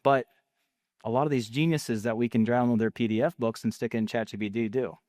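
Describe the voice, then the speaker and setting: A man giving a casual, energetic talk about marketing in a salesy, conversational way. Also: mid-range voice, brisk, no room sound. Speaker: marketing speaker.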